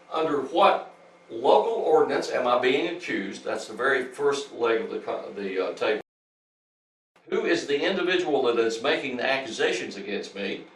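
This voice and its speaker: A man's voice: mid-range voice, fairly bright tone. A man giving a lecture and reading out legal statements, talking emphatically and often restarting his sentences. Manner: repetitive, emphatic, frequent restarts. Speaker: speaker at a public talk. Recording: echoey room, voice from far off.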